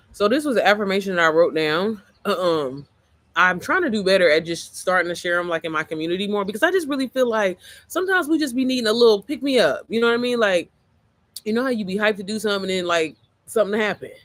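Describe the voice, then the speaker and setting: A woman with a worn, slightly hoarse voice, chatting casually and motivationally on a livestream, rambling, getting sidetracked and swearing freely. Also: medium pitch, a bit bright, no room sound. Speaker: mom entrepreneur livestreamer.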